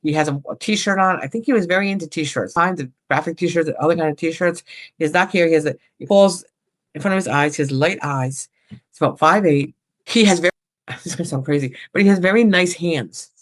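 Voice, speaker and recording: A woman's voice: on the low side, brisk. A woman working as a psychic medium, talking casually and rambling as she relays messages from spirits. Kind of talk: casual paranormal chat.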